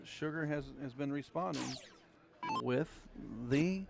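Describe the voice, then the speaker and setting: Gravelly Ozark-accented darts commentator. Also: male voice, a little high, slow pace, loud music behind the voice. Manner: folksy, excitable, chatty. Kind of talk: live play-by-play commentary. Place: darts venue. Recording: crowd chatter behind.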